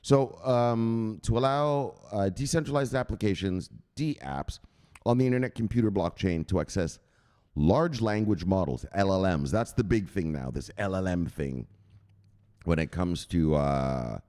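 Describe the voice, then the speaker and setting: A man's voice: deep voice, expressive, measured pace, darkish tone, clear, resonant tone. A man presenting crypto news, reading an article aloud and breaking off into casual, chatty asides to his viewers. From United States. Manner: chatty, digressive, asks viewers to google things.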